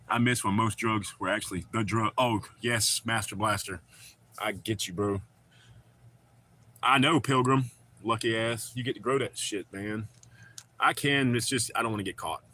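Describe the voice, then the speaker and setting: A man's voice: fairly low pitch, moderate pace, sharp tone. A man, chatting loosely and profanely with viewers on a live stream. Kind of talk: casual live-stream chat.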